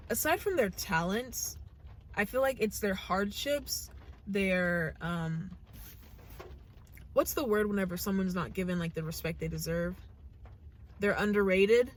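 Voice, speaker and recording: A woman's voice: medium pitch, a little hiss or hum. A young American woman hosting a reaction channel, talking to camera in a casual, earnest, gushing way and thinking aloud with restarts. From United States.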